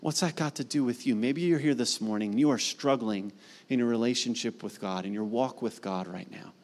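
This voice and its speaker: A man's voice: mid-range voice, brisk. A man pastor preaching a sermon, reading scripture aloud and then pleading earnestly with his listeners, asking questions and answering them. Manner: earnest preaching, rising questions then soft emphatic pleas.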